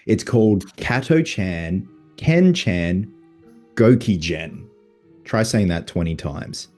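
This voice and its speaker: Deep mellow guy hosting a podcast, quick excited fan chat. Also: faint music behind. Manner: quick, chatty, enthusiastic fan talk. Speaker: podcast host. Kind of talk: casual chat.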